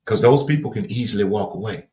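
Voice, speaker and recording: On his livestream, a Louisiana man with a deep, darkish voice and a Southern drawl delivers a quick-paced, preachy motivational talk. He stresses his words heavily in a folksy, repetitive rhythm, earnest and building to raised emphasis, and a noticeable room echo colors the sound.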